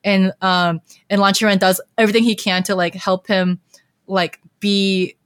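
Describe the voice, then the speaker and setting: A woman's voice: medium pitch, flat delivery, normal speed, clean tone, no room sound. A young woman hosting a podcast, casually recapping a story in a chatty way with many fillers. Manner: chatty, heavy use of filler "like". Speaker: podcast host.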